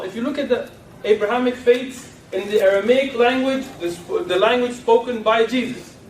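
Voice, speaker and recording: A man's voice: very high-pitched, slight background noise. A man giving a lecture to an audience in a lecture room, asking rhetorical questions and teasing his listeners. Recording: echoey room from far off.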